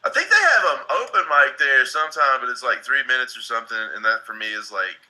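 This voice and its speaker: A man in his thirties from Tennessee, a comic who rambles and swears his way through a live-stream chat. His voice is strikingly bright and sharp, sitting at an ordinary pitch. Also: big pitch swings, fast, slight background noise, poor audio. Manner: profane, rambling, laughs often. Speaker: stand-up comedian and streamer.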